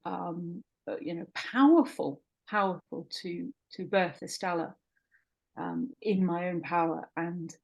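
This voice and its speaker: A middle-aged midwife, appearing as a guest in a conversational interview, speaks with passionate emphasis and repeats words. Her voice is medium in pitch with a darkish tone.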